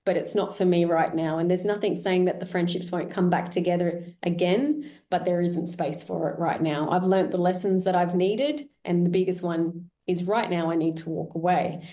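Woman host, middle-aged, warm low tone, chatty and self-deprecating solo reflection. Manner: candid, chatty, laughs at herself. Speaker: podcast host. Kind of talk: reflective solo podcast talk.

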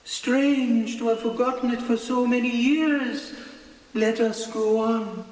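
A man doing a soft gentle spirit of the past. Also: fairly even intonation, reverberant, in a large hall, low-quality recording. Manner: soft, gentle, slow and high.

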